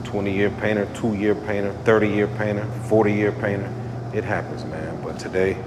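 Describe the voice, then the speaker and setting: A low-voiced man gives a relaxed, chatty shop update as an auto painter. He keeps circling back to the same phrases and tosses in "man" often. A steady hum of machinery fills the background. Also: moderate pace. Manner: laid-back, repeats phrases, peppers talk with "man". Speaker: automotive painter. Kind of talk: casual shop vlog.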